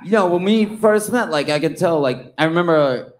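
A man with a slightly raised pitch holds forth at a live interview in a bar venue. He tells stories in a loose, profane, animated way, full of joking banter. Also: moderate pace, faint music behind, poor audio. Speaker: reality TV guest.

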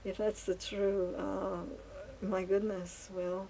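A woman talks to her camera while painting, her voice dark and mellow with a gravelly edge. She rambles and muses, stumbling through fillers and restarts in a fairly flat tone. A faint hiss sits under the recording. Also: mid-range voice, rough recording. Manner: halting, many fillers and restarts, musing. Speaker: vlogger.

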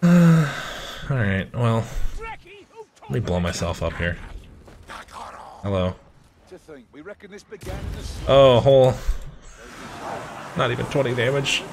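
A man playing a video game and commenting as he plays, swearing and shouting at the game, then rambling through a story. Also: medium pitch, slight background noise. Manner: profane, excitable outbursts at the game; chatty, rambling anecdotes. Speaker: gamer.

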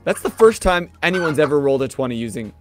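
A man's voice: a little high, very animated, quick pace, music in the background. A man co-hosting a casual live stream, teasing his guests and laughing often. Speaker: co-host. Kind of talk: casual livestream chat.

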